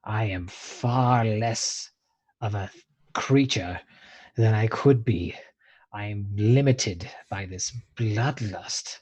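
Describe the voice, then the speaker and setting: A man's voice: on the low side, takes it slowly, darkish tone, breathy edge. A man voicing a cowardly male creature tormented by bloodlust, stammering and pleading. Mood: frightened pleading. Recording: dull lo-fi audio.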